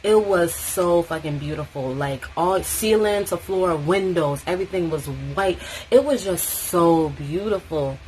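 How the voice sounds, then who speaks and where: A young woman tells a story straight to the camera, chatty and animated, cursing freely and acting out the other people's lines. Her voice sits fairly low for a woman. A faint hiss runs under it. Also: unhurried, poor audio. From New York City. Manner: chatty, expressive, swears freely, acts out quotes. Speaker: vlogger. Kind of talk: casual storytime, get-ready-with-me.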